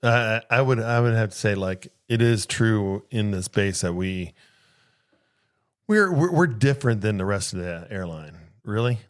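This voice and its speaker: A laid-back man co-hosting a casual podcast, his voice sitting somewhat low. He laughs along easily and tosses in quick agreements as the talk rambles on. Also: lively intonation. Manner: easygoing, laughs along, chimes in with short agreements. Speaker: podcast co-host, flight attendant. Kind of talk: casual chat.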